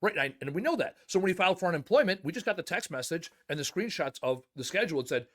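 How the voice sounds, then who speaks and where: Male business owner, a bit higher pitched, emphatic and animated storyteller, podcast guest. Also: fast talker. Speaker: junk removal business owner. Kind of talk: casual podcast conversation.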